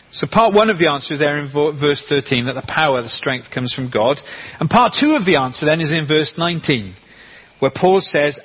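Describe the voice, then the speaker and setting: A man preaching a sermon, emphatic and slowing down to stress key words. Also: a little high, husky, lo-fi sound. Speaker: pastor.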